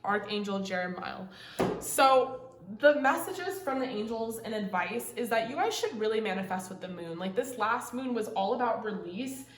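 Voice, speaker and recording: A woman's voice: a little high, animated, moderate pace. A young woman giving a casual, emotional tarot reading to her viewers, gushing and swearing freely, with lots of "like" fillers. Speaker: tarot reader. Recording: roomy echo.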